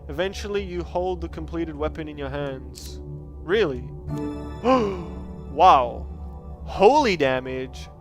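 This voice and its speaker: A man's voice: on the high side, lively intonation, measured pace, faint music behind. A man streaming a card game, chatty and joking as he thinks aloud about his choices. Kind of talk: casual game commentary.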